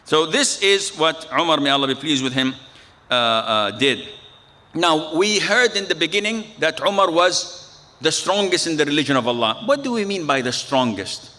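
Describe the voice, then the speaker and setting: A man's voice: a little high, animated, moderate pace, sharp tone. A man preaching a sermon, telling stories with quoted dialogue and frequent phrases. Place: mosque or Islamic center.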